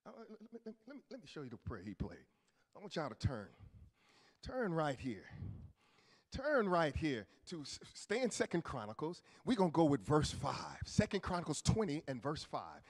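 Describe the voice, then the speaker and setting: Pastor guy preaching, lively up and down, gravelly edge, loud then quiet, churchy back-and-forth. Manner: swings from low murmurs to shouted peaks, call-and-response; colloquial preaching with church asides. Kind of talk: sermon. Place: church sanctuary. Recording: long reverb of a church hall.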